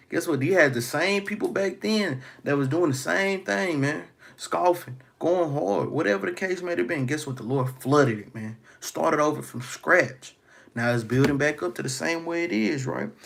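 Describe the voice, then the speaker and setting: A man preaching scripture, reading verses aloud and then breaking them down. His voice sits a little high and has a gravelly, husky grain. He keeps tagging his lines with "man" and "guess what?". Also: animated, moderate pace. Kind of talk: street-style scripture teaching.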